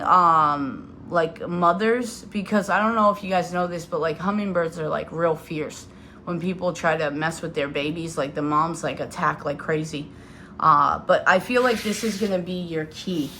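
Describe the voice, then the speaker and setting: Woman, 30s, lowish pitch, chatty tarot reader talking to viewers over faint background noise. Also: sharp tone. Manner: chatty, loose, many fillers. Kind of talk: casual tarot reading to viewers.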